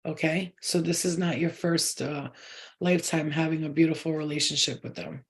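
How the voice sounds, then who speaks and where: A woman's voice: low voice, steady tone, moderate pace. A woman giving a casual channeled spiritual reading to her viewers, talking in a rambling, chatty way and swearing now and then. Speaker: spiritual reader.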